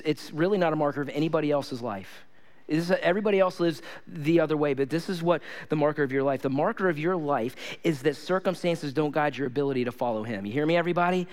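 Male pastor, sermon delivery, high and clear voice, lively storyteller who repeats for emphasis.

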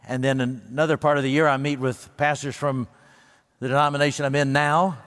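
A man preaching a sermon as pastor, earnest and emphatic, slowing down and lifting his voice for the words he quotes. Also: mid-range voice, little pitch movement, a bit bright, long reverb tail.

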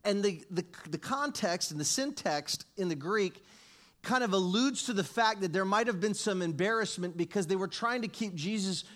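A man's voice: high-pitched, normal speed. A middle-aged male pastor preaching a sermon, telling stories with acted-out dialogue and chuckling at his own jokes. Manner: animated storytelling, acts out dialogue, laughs at own jokes. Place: church sanctuary with congregation.

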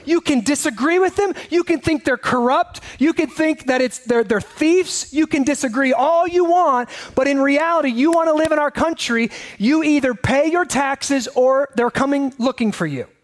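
High-voiced man preaching. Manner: conversational preaching with rhetorical questions. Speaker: pastor. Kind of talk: sermon.

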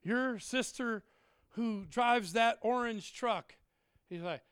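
A middle-aged man preaching a humorous sermon, animated and joking, swinging from shouts to quiet asides. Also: high-pitched, unhurried, clean tone, no room sound, clean studio sound. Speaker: pastor.

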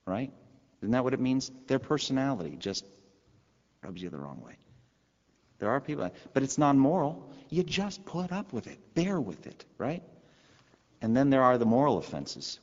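A man's voice: medium pitch, in a large hall, muffled recording. A pastor preaching a sermon in a conversational way, asking his listeners rhetorical questions.

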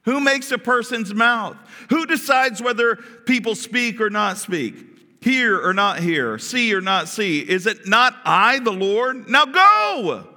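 A pastor voicing God as a stern, commanding figure speaking from a burning bush, in a booming, emphatic voice with long hall reverb. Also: male voice, big pitch swings, takes it slowly, pushed and bright, heavily acted.

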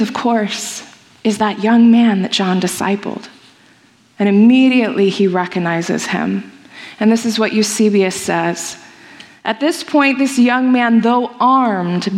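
A woman preaching a sermon, telling a story earnestly and acting out the voices in it before reading scripture aloud. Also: fairly high pitch. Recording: long hall reverb.

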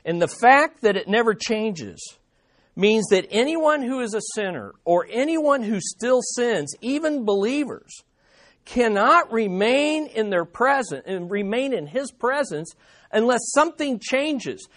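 Preaching a sermon in a high voice, a male pastor moves his pitch dramatically and stresses key lines by repeating them, slowing his pace when he reaches those important statements.

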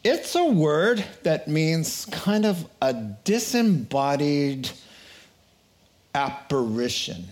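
A man's voice: a little high, big pitch swings, slow. A man preaching a Bible lesson in a playful way, acting out scenes with voices. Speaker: preacher teaching a Bible study. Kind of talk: sermon.

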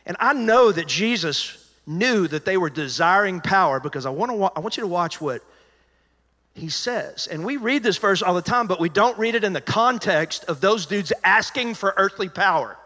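A man preaching in a large church hall, his voice high and bright with a long reverb trailing each phrase. He talks to the congregation in a lively, conversational way, acting out what people said and sometimes dropping to a hush. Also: moderate pace. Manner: animated, conversational preaching with acted-out quotes and dropping to a hushed voice. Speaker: pastor. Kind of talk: sermon.

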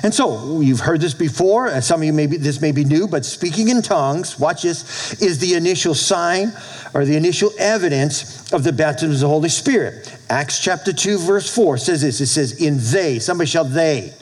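Animated man preaching a sermon. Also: on the high side, moderate pace, rough recording. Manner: animated preaching with call-and-response asides. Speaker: pastor. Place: church with a congregation.

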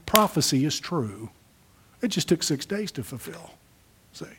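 A man preaching a sermon, emphatic, rising to loud peaks and dropping to soft asides. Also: high voice. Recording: audio of a church sermon.

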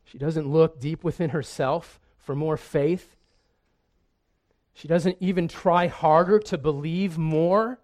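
A man's voice: a little high, slow pace, a little mellow. A man preaching a sermon in an earnest way, often repeating a word as he restarts. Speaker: pastor.

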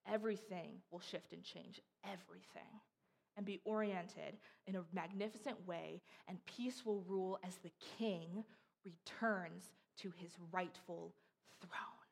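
Young woman preaching casually, chatty and animated, acts out voices in her stories. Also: fairly low pitch, a little slow, gravelly. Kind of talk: casual sermon.

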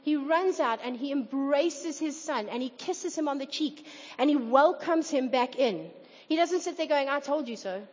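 The recording, dull and echoing, comes from a church hall where a woman delivers an earnest sermon to the congregation. Her voice is high-pitched and a little mellow, her speed normal, and at times she performs the voices she quotes.

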